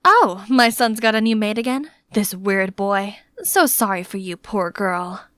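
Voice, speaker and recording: A woman's voice: mid-range voice, fairly bright tone, no room sound, clean studio sound, voice pushed down, close to an everyday voice. Sneering middle-aged mother, played by a woman. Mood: sarcastic. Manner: sneering, slow. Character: sarcastic middle-aged mother, cold and mocking.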